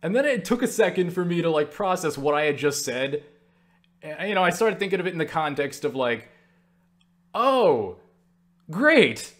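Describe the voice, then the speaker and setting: Young man, slightly high voice, webcam mic, rambling, filler-heavy, self-mocking, casual swearing, vlog host. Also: lively intonation, a little fast. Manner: rambling, full of fillers like "you know" and "like". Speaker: channel host answering viewer questions. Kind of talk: casual storytelling to camera.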